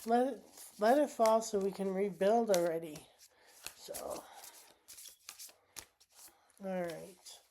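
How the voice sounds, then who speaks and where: A woman vlogging while sick, talking through a tarot card reading in a halting way, with many pauses and restarts. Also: mid-range voice, dark tone, slight background noise. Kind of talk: casual spoken vlog.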